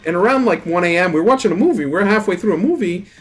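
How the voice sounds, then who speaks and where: Young male streamer, casual rambling rant, higher-pitched voice, swears a lot. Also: quick pace. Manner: animated, rambling, heavy swearing and filler words. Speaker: gaming streamer.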